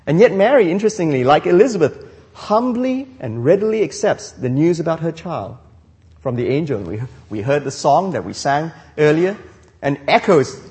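A man preaching from the pulpit. His voice is fairly high and swings widely in pitch, and he restarts his phrases and asks rhetorical questions. The sound rings with the long reverb of a large church hall. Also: big pitch swings, normal speed, darkish tone. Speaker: pastor. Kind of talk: sermon.

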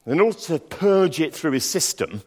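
A man's voice: a little high, big pitch swings, darkish tone. Man preaching in a reverberant hall. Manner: reads scripture slowly, then tells stories with dry asides. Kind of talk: sermon.

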